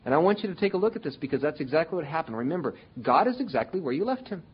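A man's voice: a little high, sing-song, rapid-fire, husky, highs cut off. A man preaching a sermon to his congregation, speaking conversationally and slipping into whiny voices when quoting complaining people. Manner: conversational preaching with acted-out quotes of whining people. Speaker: pastor.

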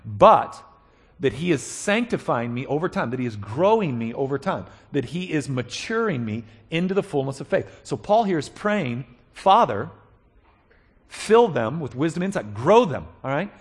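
A male pastor preaching a conversational sermon, animated, checking in with his listeners and acting out quoted voices. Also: medium pitch, normal speed, breathy edge.

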